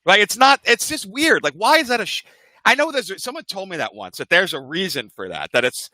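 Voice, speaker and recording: A man co-hosting a podcast in casual chat, animated and firing off rhetorical questions. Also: sits high, fairly quick, no echo. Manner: animated, jumps between topics with rhetorical questions. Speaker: podcast co-host.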